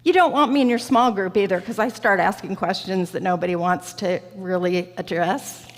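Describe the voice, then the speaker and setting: A woman preaching a reflective, personal sermon in a church sanctuary, slow and deliberate. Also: medium pitch. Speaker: guest preacher. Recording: church hall reverb.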